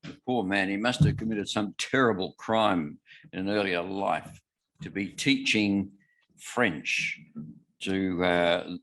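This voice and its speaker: An older man with an Australian accent giving a lecture, dry and humorous, halting with frequent filler sounds. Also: low-pitched, a bit bright. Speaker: guest speaker. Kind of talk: lecture on scripture.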